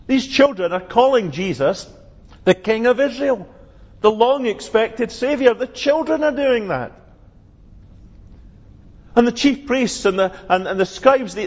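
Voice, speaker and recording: A man preaches an earnest, emphatic sermon in a high, husky voice, his words ringing through a church's long reverb. The recording is dull and lo-fi. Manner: earnest, emphatic preaching, rising on quoted cries. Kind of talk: sermon expounding scripture.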